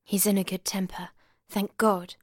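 A woman's voice: medium pitch, little pitch movement, moderate pace, darkish tone, no echo, clean studio sound, natural voice. A woman voicing a cool, evasive young woman.

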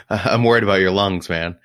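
A man with a low voice, co-hosting a podcast and teasing the others with frequent laughs. The sound is dry and close. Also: moderate pace, fairly bright tone, dry recording. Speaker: podcast co-host. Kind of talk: casual chat.

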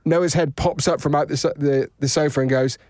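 A man co-hosting a casual podcast, telling a lively anecdote with laughter and acted-out voices. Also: on the high side, a little fast, no room sound, studio quality. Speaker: podcast co-host. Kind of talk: casual storytelling chat.

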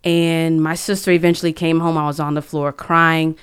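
A woman's voice: deep voice, flat delivery, normal speed, clean tone. A young woman sharing a personal testimony as a podcast guest, talking earnestly and emotionally, often stopping and restarting her sentences. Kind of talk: conversational testimony.

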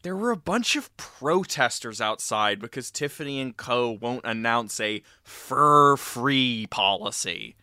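A man co-hosting a comedy podcast, reading reviews aloud with a dry, animated delivery. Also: mid-range voice, unhurried, hardly any pauses, smooth, dry recording. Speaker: podcast co-host.

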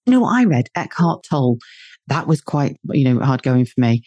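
A woman's voice: a bass voice, big pitch swings, normal speed, warm tone, no room sound, studio quality. Chatty, swearing British woman. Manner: chatty, swears freely, laughs easily. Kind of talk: casual chat.

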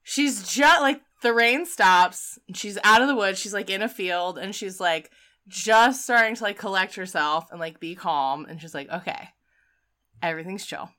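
A woman co-hosting a casual chat, retelling a film scene by scene in an animated way, with frequent laughs. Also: medium pitch, normal speed. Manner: animated storyteller, acts out the quotes, laughs often. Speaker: podcast co-host. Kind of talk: casual movie recap chat.

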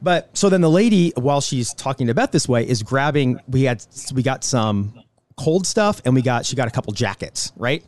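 A man's voice: medium pitch, expressive, moderate pace, darkish tone. A man co-hosting a casual chat show, telling a story with animation and acting out the people he quotes. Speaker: show co-host.

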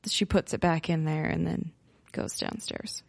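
A woman's voice: deep voice, lively intonation, measured pace, gravelly, dry recording. Matter-of-fact woman in a tabletop game. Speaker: player. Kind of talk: tabletop role-play.

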